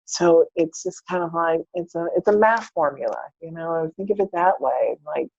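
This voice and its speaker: A woman's voice: low voice, moderate pace, gravelly, darkish tone, husky, no echo. A woman guest on a podcast, telling her personal story candidly and acting out her own past words. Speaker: podcast guest, spiritual mentor. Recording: dull, dry lo-fi podcast audio.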